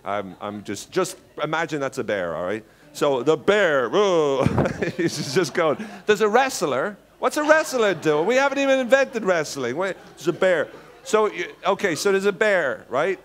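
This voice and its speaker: A man's voice: fairly high pitch, lively intonation, a little slow. A man giving a seminar talk, telling stories playfully with acted-out voices and laughing asides. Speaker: seminar speaker.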